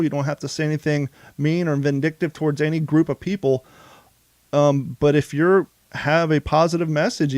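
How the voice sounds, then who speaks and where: A man's voice: a little high, a little mellow, dry recording. A man co-hosting a podcast, talking casually and rambling with frequent restarts. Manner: rambling, self-interrupting. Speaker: podcast co-host.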